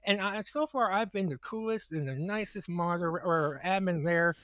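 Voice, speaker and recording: High-voiced man telling a rambling story. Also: moderate pace, a bit bright, no echo. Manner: rambling, profane, repeats words. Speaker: podcast co-host. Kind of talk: casual comedic storytelling.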